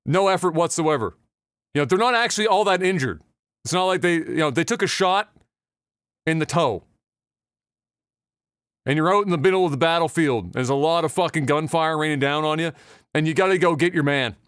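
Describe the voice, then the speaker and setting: A man's voice: a little high, lively intonation, brisk, long pauses, fairly bright tone, smooth, no room sound, studio quality. A man hosting a podcast, telling profane comic stories in casual chat. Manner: profane, storytelling. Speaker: podcast host.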